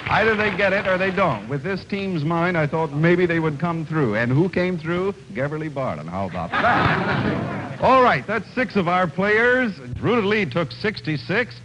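Brisk joking game show host, hissy old TV. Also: male voice, sits high, lively intonation. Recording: hissy old TV broadcast recording.

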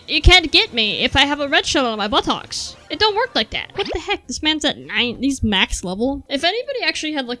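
A woman in her twenties streaming a racing game, chatting casually, excitable and jokey and breaking into silly sound effects. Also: a little high. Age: 20s. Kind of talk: casual gameplay commentary. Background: faint game music.

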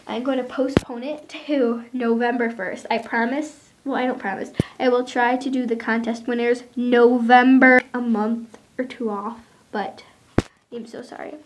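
A woman's voice: a little high, level tone, a little slow, noisy background. A teenage girl ranting casually to her viewers, exasperated and rambling, with lots of fillers. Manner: exasperated, rambling with many likes. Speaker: vlogger.

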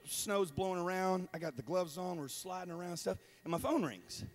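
A male evangelist in a church, high-voiced and animated. He tells stories with loud shouted bursts, acted-out voices and frequent laughter, swinging to a quiet tone for serious moments. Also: a little fast. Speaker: traveling evangelist. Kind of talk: comedic sermon storytelling.

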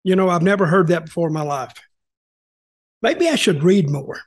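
A man's voice: high voice, lively intonation, normal speed. An older man hosting a casual chat, telling rambling stories with restarts and quoting people as he goes. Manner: rambling, repeats words and restarts, quotes people in dialogue. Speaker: host, wrestling storyteller.

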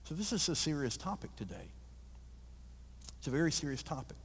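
A man preaching a sermon as a guest preacher, with a folksy, animated storytelling manner. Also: on the high side, fairly quick, breathy edge. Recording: reverberant church sanctuary.

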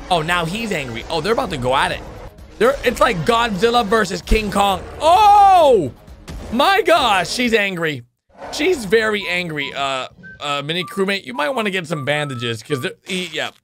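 Reacting to a cartoon on video, the male host comments with excitement, his high voice alternating between quiet asides and shouting.

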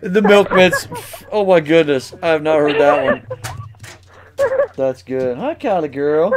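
A man in his forties streaming a racing game, chatting excitedly, joking and reading chat aloud. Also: on the high side, a little slow, pauses often, noisy background. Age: 40s. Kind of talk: casual chat while racing.

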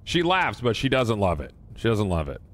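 A man's voice: on the low side, huge pitch swings, normal speed, fairly bright tone, slight background noise. A man hosting a game stream, joking playfully and talking to his chat. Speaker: streamer host. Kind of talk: casual gaming chat.

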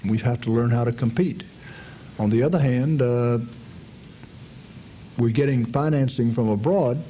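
Male lecturer, warm and unhurried, explaining policy at a podium; faint room noise. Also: mid-range voice, low-quality recording. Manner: measured, explanatory, with frequent uh fillers. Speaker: foreign policy speaker. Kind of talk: public lecture.

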